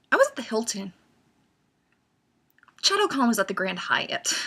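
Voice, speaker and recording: A young woman vlogging in a casual, storytelling way, animated and acting out her own excitement as she recounts events. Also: medium pitch.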